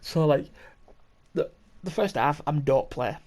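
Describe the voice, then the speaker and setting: A young podcast host with a slightly high, slightly mellow voice speaks animatedly but a little slowly. He tells a story in a casual, rambling way, peppered with swearing, laughter and restarts.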